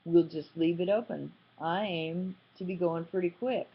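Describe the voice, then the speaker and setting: A drunk young gunman threatens in a slow, menacing drawl, as a woman reads him in an audiobook. The voice is low and husky, and the audio slightly muffled.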